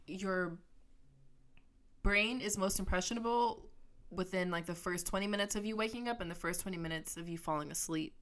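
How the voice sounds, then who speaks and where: A woman co-hosting a laid-back conversation, playful and laughing a lot. Her voice sits a little lower than most women's. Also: moderate pace, a bit bright. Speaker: co-host. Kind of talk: casual chat.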